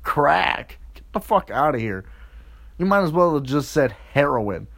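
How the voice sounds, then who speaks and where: A man's voice: very animated, measured pace, vocal fry. A man in his twenties telling a crude, rambling story in a swearing comedic rant. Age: 20s. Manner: jumps into loud, high-pitched mocking voices.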